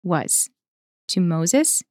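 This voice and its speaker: A woman who is a religious sister, co-hosting a faith podcast in a reflective, conversational way, pausing to think and laughing easily. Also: on the low side, animated, darkish tone, no echo, clean studio sound. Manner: thoughtful, pauses with fillers, laughs easily.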